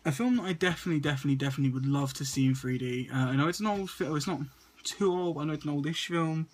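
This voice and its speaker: A man's voice: on the high side, very fast, a little hiss or hum. A man, stuttering and restarting often as he casually talks through a list of movies to his camera. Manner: stutters and repeats words often. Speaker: movie vlogger.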